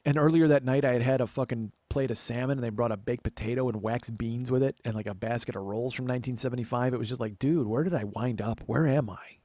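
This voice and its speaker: A podcast host in his forties delivers a casual storytelling monologue in a medium-pitched, darkish, steady voice, talking quickly with hardly any pauses and no room sound. He chats freely, swears offhandedly and acts out the people he quotes.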